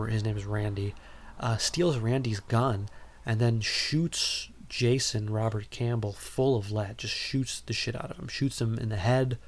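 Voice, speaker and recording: A male podcast host with a somewhat low voice, talking through a movie plot in a loose, casual way. He rambles, fills gaps with ums, and drops in dry, amused asides. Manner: rambling, frequent ums, wry.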